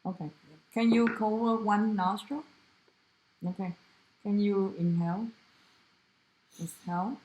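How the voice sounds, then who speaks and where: Woman, Vietnamese first language, student clinical exam demo, slow, halting, self-correcting. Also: medium pitch, steady tone, darkish tone, muffled recording. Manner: halting, many fillers and self-corrections, non-native English grammar. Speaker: student demonstrating a physical exam. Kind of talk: narrated clinical skills demonstration.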